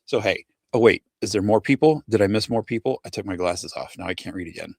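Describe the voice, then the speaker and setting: A man's voice: lowish voice, fast, vocal fry, a little mellow, breathy edge, no echo, clean studio sound. A man in his forties hosting a casual livestream chat, rambling and self-deprecating, tripping over names as he reads them out. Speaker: podcast host.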